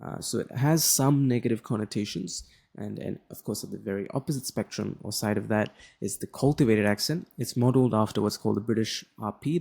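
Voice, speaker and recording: A young Australian man with a general Australian accent tutors in a loose, rambling way, full of fillers and restarts. His voice is lowish, creaky, husky, and a little mellow.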